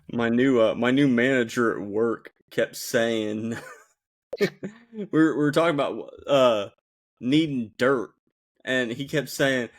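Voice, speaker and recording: A man with a mid-pitched voice co-hosts a relaxed podcast. He teases the others, tells anecdotes and laughs easily. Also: slow, long pauses. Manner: teasing, laughs often, storytelling. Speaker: podcast co-host. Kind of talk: casual chat.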